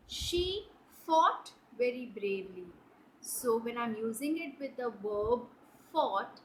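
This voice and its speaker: A woman teaching an English grammar lesson to children, explaining step by step and checking "right?" and "clear?". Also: fairly high pitch, slight background noise, rough recording.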